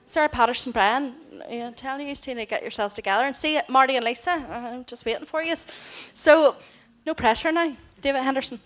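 A woman's voice: high voice, fairly quick, hardly any pauses, a bit bright. A middle-aged woman, giving a heartfelt mission report to a church congregation and voicing the people she quotes. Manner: heartfelt storytelling, voices others in quotes. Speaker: missionary speaker.

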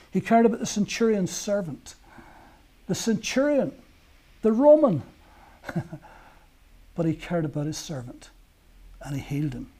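A man preaching a sermon, telling stories earnestly and moving between emphatic peaks and hushed lines. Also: high voice.

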